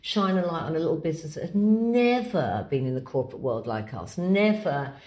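A woman chatting casually as an interview guest, animated and warm-hearted in her telling. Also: low voice, brisk. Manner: animated, breaks into playful put-on voices.

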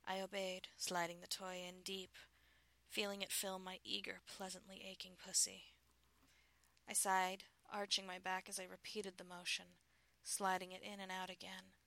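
A woman reading a first-person adult story in a soft, breathy, intimate voice. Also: on the low side. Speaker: narrator.

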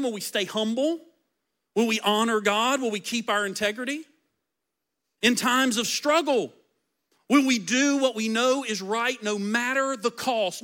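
A middle-aged male pastor preaching a sermon, earnest, moving between loud emphasis and quiet. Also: high-pitched.

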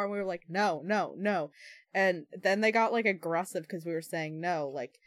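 A woman's voice: on the low side, moderate pace, fairly bright tone, dry recording. Frank young woman, dry close sound. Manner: frank, filler-heavy anecdotes. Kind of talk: casual chat.

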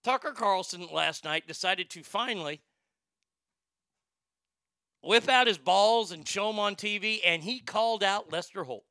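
A blunt, profane man hosting a talk show, rambling and restarting his sentences as he goes. His voice sits high for a man, with a gravelly, fried edge and a very bright, forceful tone. It is recorded dry and close, with no room sound. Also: measured pace, long pauses, no echo. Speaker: podcast host. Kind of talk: casual opinionated chat.

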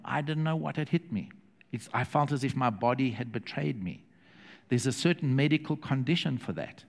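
Male preacher, animated sermon delivery with acted quotes, church hall with long reverb. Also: mid-range voice. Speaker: pastor.

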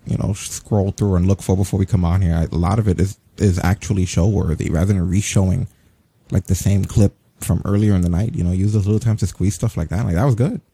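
A man hosting a wrestling podcast, chatting in a relaxed, rambling way. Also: low-pitched, fast talker, husky, no room sound. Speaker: podcast host. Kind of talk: casual podcast chat.

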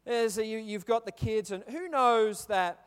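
A man's voice: high voice, a little slow, clear, resonant tone. A man in his thirties with an Australian accent, giving a chatty sermon full of stories and questions to the congregation. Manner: chatty, storytelling, asks the crowd questions. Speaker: pastor. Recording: reverberant hall.

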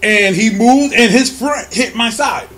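A young man from California, telling a story in a casual chat as a podcast host. He is animated and profane, and often laughs as he talks. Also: high voice, unhurried, a crowd in the background.

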